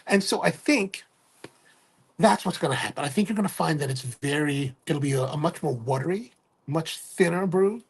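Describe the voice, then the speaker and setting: Gravelly, husky middle-aged man rambling. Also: fairly high pitch, expressive, moderate pace. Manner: rambling, self-correcting, keeps asking "right?". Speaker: livestream host and coffee retailer. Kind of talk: casual livestream chat.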